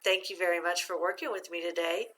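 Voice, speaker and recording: A woman teacher giving a recorded phonics lesson, talking slowly and patiently and guiding her students step by step. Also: lowish voice, fairly even intonation, fairly bright tone.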